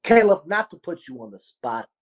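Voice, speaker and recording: Man with a baltimore accent, podcast host, animated, swears a lot, acts out quotes. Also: high-pitched, moderate pace. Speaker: podcast host, restaurant owner. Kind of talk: casual storytelling chat.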